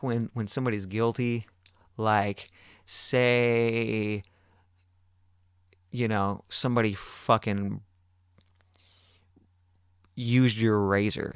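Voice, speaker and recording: Clear and resonant, his fairly low voice comes through a dry, clean studio recording. The podcast host relates a long tale offhandedly, swearing freely and performing the dialogue of the people involved.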